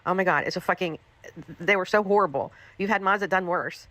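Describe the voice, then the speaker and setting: A woman's voice: fairly low pitch, fairly quick, fairly bright tone, dry recording. A woman livestreamer scolding someone in a profane, repetitive, angry rant.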